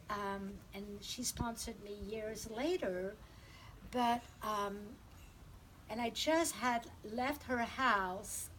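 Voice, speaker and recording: At a memorial, a woman delivers a heartfelt eulogy, sharing personal stories and laughing through the funny parts. Her voice is a little high, and the low-quality recording carries a bit of hiss or hum.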